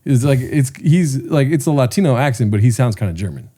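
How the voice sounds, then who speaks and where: A young man co-hosts a casual podcast and tells rambling stories laced with crude jokes. His voice sits in the middle of the range and has a dark, mellow color. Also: mid-range voice, expressive, brisk. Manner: loose storytelling with crude jokes. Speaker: podcast co-host.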